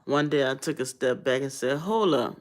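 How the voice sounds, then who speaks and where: A woman in her thirties, a vlogger telling stories in a blunt, casual, animated way. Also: rumbling low, brisk. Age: 30s. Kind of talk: casual storytelling rant.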